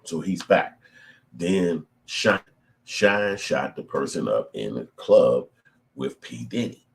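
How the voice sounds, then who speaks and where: Deep-voiced man ranting casually. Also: takes it slowly, creaky. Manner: profane, animated storytelling. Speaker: channel host. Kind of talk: casual commentary.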